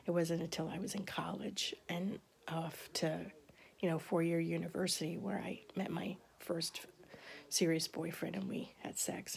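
A woman in her fifties talks through an old memory in a relaxed, chatty way, laughing often. Her voice sits low with a gravelly fry, and she often drops into soft, half-whispered asides. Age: 50s. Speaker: vlogger. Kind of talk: casual storytelling.

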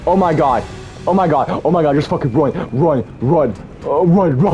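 This young man plays a horror game and provides let's-play commentary, talking to himself, swearing, and panicking whenever something scares him. His voice is on the high side and dark in tone, at a moderate pace, with faint music in the background.

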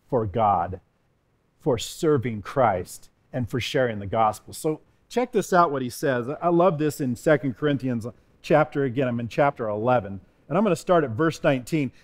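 A man as a pastor giving an earnest devotional sermon, reading scripture with rising emphasis. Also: fairly high pitch.

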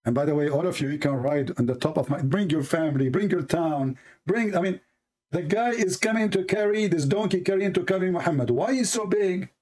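A man hosting a religious debate show, speaking in a sarcastic, mocking way and reading texts aloud slowly. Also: darkish tone. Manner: sarcastic, reads texts aloud slowly, mimics opponents in a high voice.

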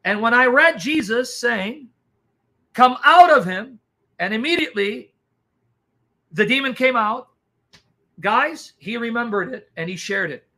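A man's voice: extremely high pitch, measured pace. A man telling a dramatic testimony as an evangelist, acting out what people did and said. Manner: animated, dramatic, acts out reactions. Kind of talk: testimony storytelling.

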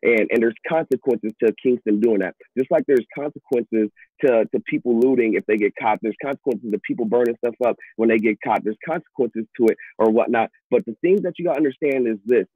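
Husky-voiced pastor on a tinny line. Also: male voice, medium pitch, brisk, hardly any pauses, no room sound. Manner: earnest, repeats and restarts words. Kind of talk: casual talk show discussion. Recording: tinny phone-like audio.

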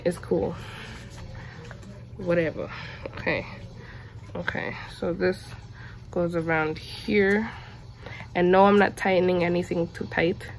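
At home, a woman vlogs and chats casually to the camera, then slips into high, coaxing baby talk with her dog. There's a slight hiss or hum in the background.

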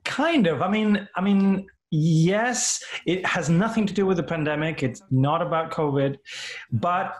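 A man's voice: a little high, measured pace, roomy sound. A man from Argentina being interviewed as an actor guest, chatting casually and animatedly, laughing often and restarting his phrases.

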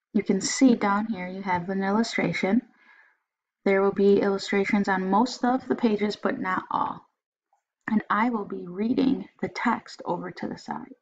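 A woman teacher explaining a week's reading lesson in a clear, guiding classroom manner. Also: mid-range voice. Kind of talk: read-aloud lesson. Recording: slightly dull lo-fi audio.

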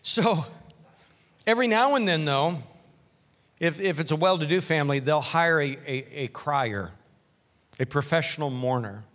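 Bright-voiced preaching man, echoing hall. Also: fairly high pitch, expressive, unhurried, pauses often. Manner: conversational preaching with humorous asides. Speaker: pastor. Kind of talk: sermon.

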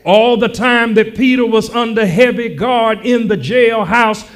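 Male pastor preaching in an unhurried, drawn-out delivery that climbs to shouts. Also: very high voice. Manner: teasing the congregation, repeating lines slowly; builds to shouted preaching cadence. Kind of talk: sermon.

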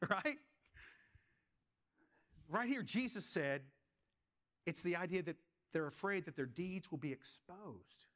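High, bright-voiced preaching man. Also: expressive, slow, long pauses. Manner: preaching with rhetorical questions to the congregation. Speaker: pastor. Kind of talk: sermon.

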